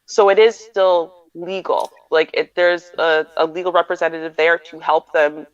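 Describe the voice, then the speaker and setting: Female host, measured advice talk, muffled lo-fi audio. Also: fairly low pitch, fairly even intonation, clean tone, no room sound. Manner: measured, explanatory. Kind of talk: casual livestream advice chat. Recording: muffled lo-fi dry sound.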